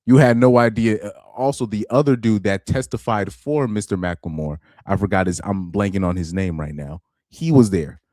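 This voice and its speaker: Deep-voiced man streaming commentary. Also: a little mellow, dry recording, clean studio sound. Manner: halting, repeats words, reads quotes aloud.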